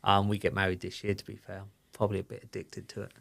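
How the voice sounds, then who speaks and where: Talking fast in a fairly low, gravelly monotone, a middle-aged man opens up as a podcast guest. It's a candid personal conversation, and he rambles through his storytelling with many fillers.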